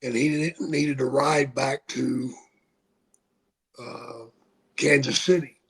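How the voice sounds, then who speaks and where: A man's voice: mid-range voice, fairly even intonation, fairly bright tone. An older man, a retired wrestler, telling profane stories in a casual podcast chat. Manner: slow, gravelly, profane storytelling.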